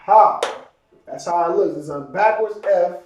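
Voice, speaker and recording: Guy teaching a class, kinda high voice, chatty, lots of ums, mic a bit far off. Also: normal speed, a little mellow, highs cut off, slight background noise. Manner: casual, repeats himself, many fillers. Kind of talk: live-streamed class lecture. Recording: echoey room from far off.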